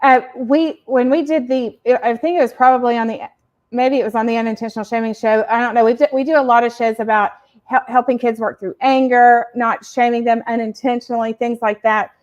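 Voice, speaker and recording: A woman co-hosting a parenting show, explaining points in a casual, warm way and laughing between them. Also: a little high, steady tone, a little fast. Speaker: podcast co-host.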